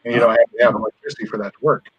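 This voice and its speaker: A man's voice: mid-range voice, racing, slightly rough, no room sound. Dry-joking man on a dull mic. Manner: dry joking, explains step by step. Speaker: homesteader on a live chat. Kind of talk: casual chat.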